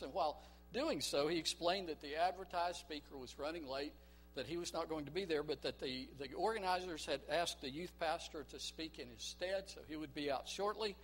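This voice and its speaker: Male pastor, emphatic sermon storyteller, fairly high pitch, faint hum behind. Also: a bit bright. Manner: emphatic, call-and-response, storytelling. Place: church.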